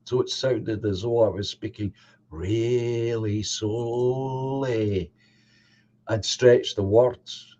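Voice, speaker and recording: A man's voice: on the low side, steady tone, a little slow, a little mellow. A man with a Scottish accent hosting a live stream, chatting easily and greeting viewers in the chat. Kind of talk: casual chat. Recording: dull lo-fi audio.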